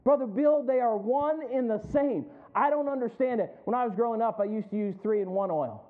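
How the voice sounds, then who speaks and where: A man's voice: very high voice, normal speed. A male pastor preaching a sermon, rising in emphasis and calling out to the congregation for responses. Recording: tinny phone-like sound.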